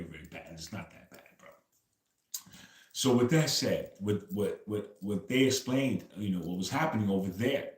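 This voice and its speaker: A man's voice: fairly low pitch, reverberant. A man hosting a casual livestream, telling stories loosely and tagging "bro" onto nearly every phrase. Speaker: livestream host.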